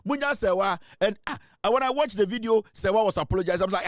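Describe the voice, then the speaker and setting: A man's voice: sits high, quick pace, no echo, clean studio sound. A young Ghanaian man hosting a casual monologue, teasing with repeated rhetorical questions and mixing English with Twi. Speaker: show host.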